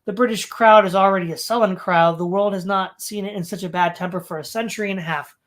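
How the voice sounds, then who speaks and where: A reader working through an old political essay in a measured voice of middle pitch. The reading is steady and plain, with occasional stumbles that get corrected on the spot, sometimes with a quick "sorry.". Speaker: audiobook reader.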